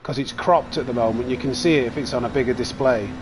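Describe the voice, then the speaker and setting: A man's voice: medium pitch, fast talker. A man streaming a racing game live, chatting and muttering reactions to his own driving. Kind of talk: live gameplay commentary. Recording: steady background noise.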